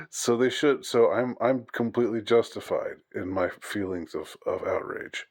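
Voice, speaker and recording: A man's voice: fairly low pitch, moderate pace, few pauses, breathy edge. A man giving a rambling, mock-outraged monologue with many fillers and restarts. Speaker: commentator on English usage. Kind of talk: casual monologue.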